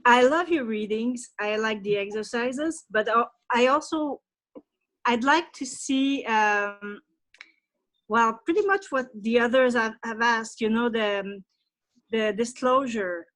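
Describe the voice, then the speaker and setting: French quebecer lady calling in, bit high, dry close voice, halting. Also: a bit bright, dry recording. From Quebec, Canada. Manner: hesitant, repeats words. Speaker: caller.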